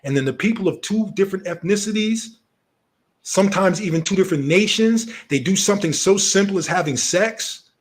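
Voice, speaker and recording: Male commentator, heated and profane, high husky voice, very lively delivery. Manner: profane, rhetorical questions, animated.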